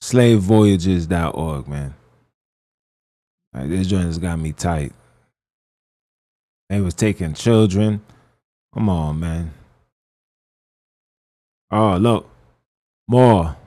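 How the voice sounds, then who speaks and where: A man as he hosts a podcast. His voice sits low and mellow, and he talks slowly in a dry, close recording. He reacts casually, pausing often to comment. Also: dry recording. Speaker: podcast host.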